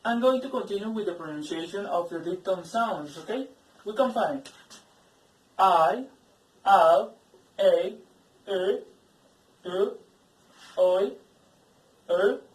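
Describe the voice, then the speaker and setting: A woman from Colombia with a Colombian Spanish accent, teaching an English pronunciation lesson in English as a second language. She drills lists of example words and stresses each one. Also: on the low side. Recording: echoey room, mic far off.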